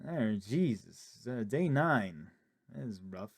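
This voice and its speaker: A man playing a horror game, reading the on-screen text aloud in a low murmur and reacting with loud, startled outbursts. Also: expressive, takes it slowly. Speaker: gaming video creator. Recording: loud game music under the voice.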